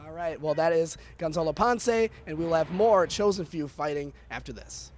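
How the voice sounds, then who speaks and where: A man's voice: fairly high pitch, moderate pace, over loud music. A man interviewing a fighter after his win, asking casual, hesitant questions with fillers. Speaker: cageside interviewer.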